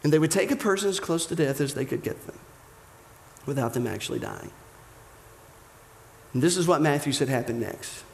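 A man preaching a sermon as dramatic storytelling, slowing down and dropping almost to a whisper. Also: on the high side, lively intonation, vocal fry, slight background noise. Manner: dramatic storytelling, slows and drops to near whispers. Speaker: pastor.

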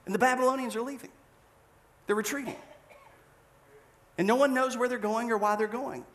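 A male pastor preaching a sermon, telling a story with animated delivery and acted-out scenes. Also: very high-pitched, a little fast.

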